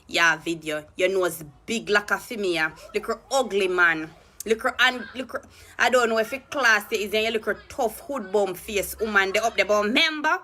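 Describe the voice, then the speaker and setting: A woman's voice: on the high side, pushed and bright. A woman with a Jamaican accent, ranting angrily about politics in a heated, cursing, mocking way. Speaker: political commentary vlogger. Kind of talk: angry ranting commentary in Patois.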